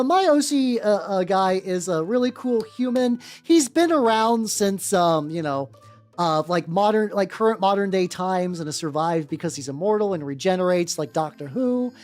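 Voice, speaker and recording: Low-voiced woman rambling while she paints. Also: darkish tone. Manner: rambling, filler-heavy, greets chat viewers; blunt and opinionated, casual swearing. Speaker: streamer painting miniatures. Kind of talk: casual chat while painting. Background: faint background music.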